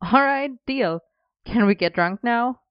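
A woman's voice: a little high, lively intonation, a little slow, dry recording, muffled recording, voice pushed up. A woman voicing a cheeky, playful young man who teases his friends, in a storybook reading. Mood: breezy. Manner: teasing, lightly cocky.

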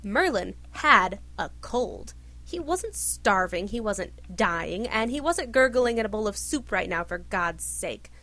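A woman reading a story aloud with expressive narration. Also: mid-range voice, measured pace. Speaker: reader. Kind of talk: reading fan fiction aloud.

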